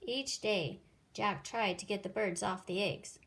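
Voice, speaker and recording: Slow, expressive woman reading a storybook. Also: medium pitch, gravelly. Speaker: teacher reading aloud. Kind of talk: children's picture-book read-aloud.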